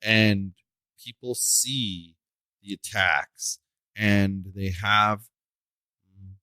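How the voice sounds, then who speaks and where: A man's voice: on the low side, fairly even intonation, extremely slow, bright, forceful tone, no room sound, poor audio. A man hosting a solo podcast, ranting in an indignant, emphatic way and drawing out the words he stresses. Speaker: podcast host.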